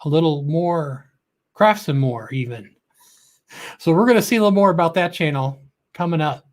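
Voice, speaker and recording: A man's voice: on the high side, moderate pace, a little mellow. Chatty middle-aged man hosting a livestream. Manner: chatty, calls out viewers' names with a lift; joking and goofy. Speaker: livestream host. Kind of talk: casual livestream chat.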